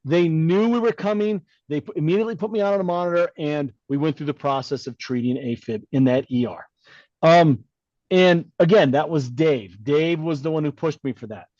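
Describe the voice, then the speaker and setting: A man's voice: a little high, normal speed, no room sound, dull audio. A middle-aged man, a podcast co-host, telling a personal story in casual chat, blunt and given to acting out the voices of the people in it. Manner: animated storyteller who acts out quoted dialogue.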